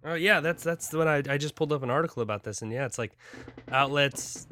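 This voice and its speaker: A man co-hosting a casual podcast, bantering in a deadpan, sarcastic way. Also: fairly high pitch, fast, no room sound, faint music behind. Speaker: podcast co-host.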